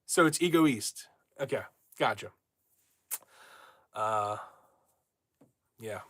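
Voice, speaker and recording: A man's voice: medium pitch, moderate pace, fairly bright tone, no echo. A young man hosting a casual livestream from home, brash and rambling as he reads viewer comments aloud. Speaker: livestream host.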